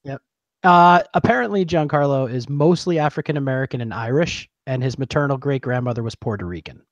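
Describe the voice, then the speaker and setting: A man co-hosting a casual sports podcast who tells relaxed stories and grumbles mildly. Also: medium pitch, fairly quick, dry recording, lo-fi sound. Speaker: podcast co-host.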